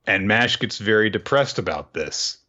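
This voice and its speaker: A man's voice: lowish voice, expressive, normal speed, pushed and bright, highs cut off. A man casually recapping a manga chapter on a podcast, laid-back and chuckling, with lots of fillers. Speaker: podcast co-host.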